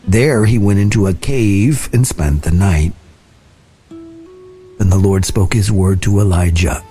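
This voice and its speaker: A man reading scripture aloud in a slow, deliberate, soft-spoken way. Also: deep voice. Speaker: scripture reader. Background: soft guitar music.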